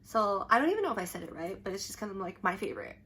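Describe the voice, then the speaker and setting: A woman's voice: medium pitch, big pitch swings, very fast, a bit bright, a little hiss or hum. Chatty young woman vlogging. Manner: chatty and rambling, full of "like" and restarts. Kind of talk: casual storytelling to camera.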